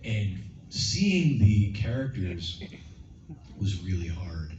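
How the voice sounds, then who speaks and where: A man answering fan questions at a convention, telling stories in a lively, casual way and acting out lines in playful voices. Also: low voice, slow, distant mic, a little hiss or hum. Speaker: guest at a fan convention panel. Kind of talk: casual Q&A storytelling. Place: large convention hall. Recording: muffled, echoey hall from afar. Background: crowd ambience.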